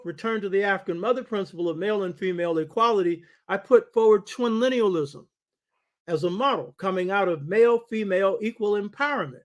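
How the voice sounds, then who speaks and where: An older man hosting a talk show, lecturing in a preaching cadence and often calling out to his listeners for agreement. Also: high voice. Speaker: show host. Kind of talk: lecture-style radio talk.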